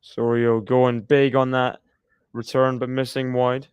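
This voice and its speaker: A man's voice: medium pitch, little pitch movement, a little slow, darkish tone, clean tone, dry recording. A man giving chatty live play-by-play commentary on a tennis match, laughing often and cheering the players on.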